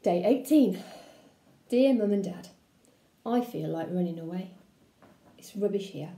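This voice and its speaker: Woman teacher reading a storybook to pupils, expressive and playful, mellow voice, echoey classroom. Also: medium pitch, measured pace. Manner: expressive read-aloud with childlike letter voice. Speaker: primary school teacher. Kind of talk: reading a children's book aloud.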